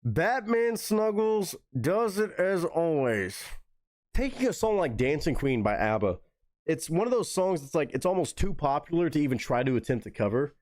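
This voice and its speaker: A man hosting a live music reaction stream, chatting eagerly and swearing freely as he calls out viewers by name. His voice sits a bit high and swings widely in pitch. The sound is dry, with no room echo. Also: big pitch swings, brisk, darkish tone. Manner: enthusiastic, profane, addresses chat viewers by name. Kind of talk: casual reaction commentary.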